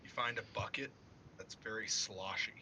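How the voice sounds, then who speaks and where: A man's voice: on the low side, steady tone, moderate pace, sharp tone, slight background noise. A man running a casual tabletop game as game master, laughing often and narrating loosely with lots of fillers.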